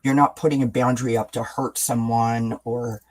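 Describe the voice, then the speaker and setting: A woman co-hosting a casual live-stream chat, relaxed and agreeable, reading viewer comments aloud. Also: rumbling low, normal speed, a crowd in the background, rough recording. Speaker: co-host.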